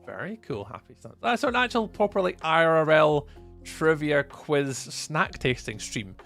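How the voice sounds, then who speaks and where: A man's voice: on the high side, very animated, a little slow, creaky, a bit bright, soft background music. A Scottish man chatting casually through a live gameplay stream, greeting viewers by name as he talks. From Scotland. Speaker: livestreamer.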